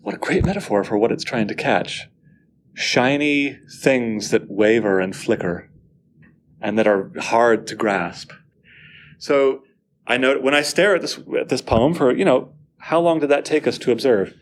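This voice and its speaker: A man's voice: medium pitch, slight background noise. Enthusiastic male poetry teacher. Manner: enthusiastic, asks students questions, reads verse slowly. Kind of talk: classroom lecture.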